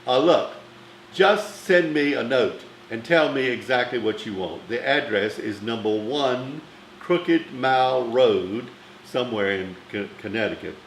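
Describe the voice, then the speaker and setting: A man's voice: mid-range voice, unhurried, reverberant, slight background noise, lightly acted, poor audio. A man voicing an imperious aging film-star woman who speaks in clipped, grand, cutting phrases. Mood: sardonic.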